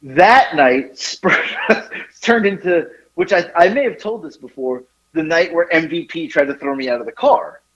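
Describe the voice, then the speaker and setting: A man in his forties hosts a podcast, telling a rambling, profane story full of laughs and restarts in a casual chat. His voice sits on the high side at a moderate pace, and the audio is dull lo-fi podcast quality.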